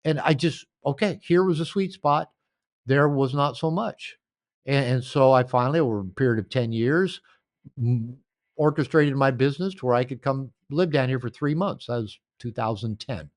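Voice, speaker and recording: A man's voice: medium pitch, normal speed, no echo, studio quality. An older man telling stories in a podcast interview, rambling and anecdotal, recorded at home. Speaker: author and coach.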